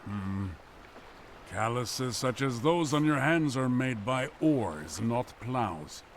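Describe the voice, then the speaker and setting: A shrewd, sardonic game interrogator, gravelly and unhurried, with a lively rise and fall. Faint noise sits behind him. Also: male voice, mid-range voice. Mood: probing. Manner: slow, deliberate, probing.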